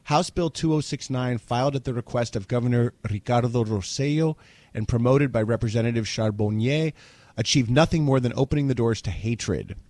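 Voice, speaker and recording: A man in his forties from New Jersey talks in a loose, irreverent podcast chat, swearing freely as he runs through stories. His voice sits at an everyday middle pitch. The mic picks him up close and dry, with no room sound. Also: a little fast, a little mellow, no echo. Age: 40s. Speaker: podcast co-host. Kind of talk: casual chat.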